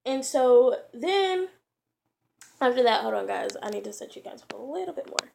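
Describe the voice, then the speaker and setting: Woman vlogger, slightly high pitch, casual rambling storyteller, slangy and filler-heavy. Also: big pitch swings, normal speed, gravelly, a little mellow. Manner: rambling, full of "like" and "you know", slangy.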